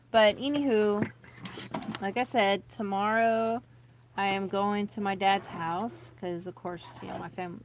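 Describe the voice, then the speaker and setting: A woman's voice: mid-range voice, slight background noise. A woman in her thirties, a vlogger, rambling chattily and nervously to camera with many fillers and restarts. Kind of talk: casual rambling chat to camera.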